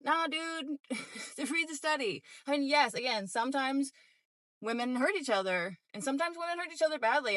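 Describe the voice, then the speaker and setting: A woman's voice: medium pitch, fairly bright tone, no echo. A woman vlogger giving casual commentary in a frank, rambling way, full of fillers.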